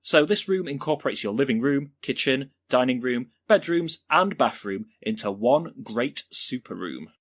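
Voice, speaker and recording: A man's voice: mid-range voice, expressive, normal speed, few pauses. A man playing an overeager, pushy home makeover TV host, with a theatrical presenter's delivery. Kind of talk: sketch comedy acting.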